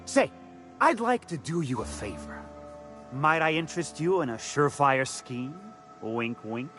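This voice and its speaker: A slick male con man in a video game who pitches crooked schemes in folksy slang. His voice sits a little high and swoops up and down as he sells. He stammers and backpedals whenever someone catches him out, and faint game music plays behind him. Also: very animated, a little slow, fairly bright tone. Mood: wheedling. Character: fast-talking male con man selling shady schemes. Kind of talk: video game character dialogue.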